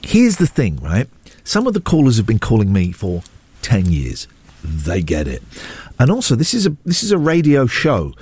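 A man's voice: on the low side, wildly swooping pitch, normal speed, warm tone, husky. A man, hosting a radio show in a rambling, self-deprecating chat that jumps between asides. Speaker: radio host. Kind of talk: casual on-air chat. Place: radio studio.

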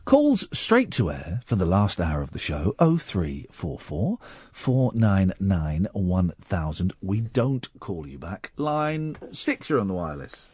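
A man hosting a late-night radio show, chatting in an animated, laughing way with callers and a co-host. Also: sits low, slow pace, slightly rough, no room sound.

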